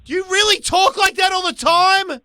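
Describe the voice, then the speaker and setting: High, brassy radio host, loud and profane. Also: male voice, fairly even intonation, moderate pace, dry recording. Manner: loud, profane, blunt, needling. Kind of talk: brash call-in radio banter. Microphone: studio microphone.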